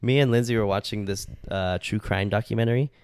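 A man's voice: on the low side, brisk, darkish tone, smooth, dry recording, clean studio sound. A young man co-hosting a podcast, chatting casually and swearing freely in laid-back banter. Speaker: podcast co-host. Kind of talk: casual chat.

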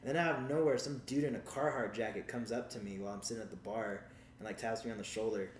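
A man's voice: on the low side, steady tone, fast talker, slight background noise. Rambling, profane storyteller man, echoey room. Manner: rambling, profane, laughs through his story. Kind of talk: casual chat, telling a funny story. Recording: roomy sound with faint background ambience.

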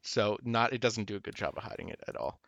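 A man's voice: lowish voice, fast, gravelly, fairly bright tone, no room sound. A man from Toronto co-hosting a podcast, rambling casually and laughing often. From Toronto, Canada. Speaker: podcast co-host. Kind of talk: casual chat.

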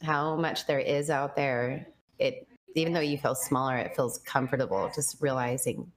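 A woman's voice: rumbling low, moderate pace. A woman telling her personal story in casual conversation, chatty and earnest, full of fillers and quoted thoughts. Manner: earnest and reflective.

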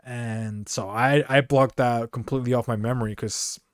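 A man's voice: medium pitch, fairly even intonation, moderate pace, dry recording. Casual male podcast storyteller from Mexico, rambling comic delivery, dead-dry room. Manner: rambling, peppers talk with "dude" and "you know". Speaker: podcast co-host.

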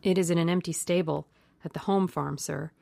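A woman's voice: lowish voice, steady tone, fairly quick, gravelly, dark tone, dry recording. A woman voicing an older male gamekeeper who speaks plainly and respectfully. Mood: deferential. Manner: respectful, subdued, plain-spoken.

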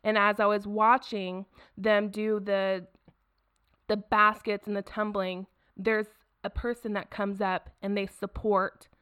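A woman's voice: medium pitch, flat delivery, slow pace, a bit bright, clean tone, dry recording, studio quality. A woman hosting a Bible study podcast, reading scripture aloud and speaking earnestly and encouragingly, repeating phrases for emphasis. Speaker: podcast host.

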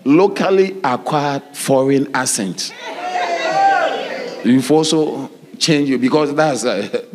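A man preaching a sermon as pastor, animated, with sudden high shouts and laughing asides. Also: slow, a loud crowd, heavy background noise.

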